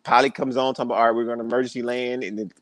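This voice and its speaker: Animated man telling stories. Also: mid-range voice, rapid-fire, dry recording, clean studio sound. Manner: animated storyteller, acts out quoted voices. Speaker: podcast guest. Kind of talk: storytelling in casual interview.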